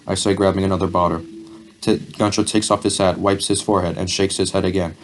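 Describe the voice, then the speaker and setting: Deep, monotone male reader of a novel aloud, steady and unhurried. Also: slight background noise, low-quality recording.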